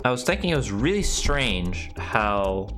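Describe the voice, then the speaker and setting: A man in casual gameplay chat, halting and hesitant, swearing now and then. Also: fairly low pitch, big pitch swings, fairly bright tone, soft background music. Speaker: player.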